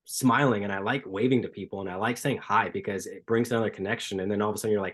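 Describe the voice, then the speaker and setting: A man's voice: on the low side, racing, few pauses. A man from Southern California who is a running coach, telling casual stories packed with "like" and acting out other people's greetings. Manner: animated storyteller, heavy use of "like", acts out greetings. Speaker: podcast guest, running coach. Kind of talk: casual chat.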